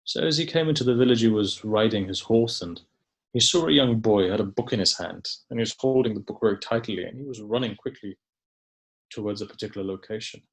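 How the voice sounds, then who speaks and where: A man's voice: fairly low pitch, fairly quick. A male religious scholar delivering a sermon in a conversational storytelling manner, with frequent asides to the listeners. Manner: conversational, tells stories with frequent "you know" asides.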